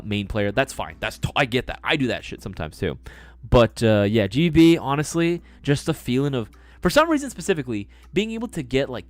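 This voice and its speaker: A man's voice: mid-range voice, a little mellow. A man hosting a live stream, chatting casually, swearing and ranting with exasperation.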